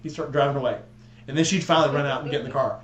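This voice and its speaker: A man's voice: medium pitch, fairly even intonation, very fast. A man from southeast Texas chatting casually and telling rambling, joking stories to friends. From southeast Texas near the Louisiana border. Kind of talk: casual chat. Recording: echoey room, faint hum.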